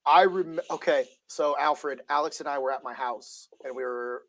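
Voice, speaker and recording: This man co-hosts a relaxed podcast. His voice sits a bit high, and he tells stories with lively re-enactments of what he said at the time. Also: moderate pace. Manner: animated storyteller who acts out his own reactions. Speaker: podcast co-host. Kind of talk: casual podcast chat.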